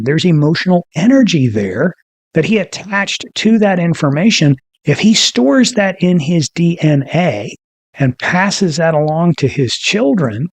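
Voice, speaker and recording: A man with a fairly high voice hosts an informal teaching talk. His manner is folksy and homespun. He fills it with rhetorical questions and repeats phrases for emphasis. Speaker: podcast host.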